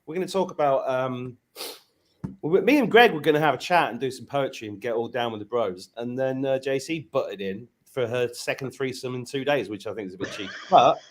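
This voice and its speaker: A man's voice: medium pitch, fairly quick, hardly any pauses. A man hosting a casual live-streamed chat, joking and playful with his guests over a video call. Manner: playful, jokey, animated. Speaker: host.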